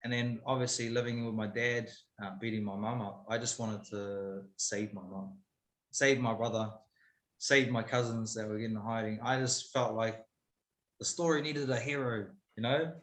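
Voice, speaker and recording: A man's voice: medium pitch, steady tone, normal speed. A man, a guest telling a story casually and candidly, swearing freely. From New Zealand. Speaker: guest, MMA fighter. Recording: roomy echo.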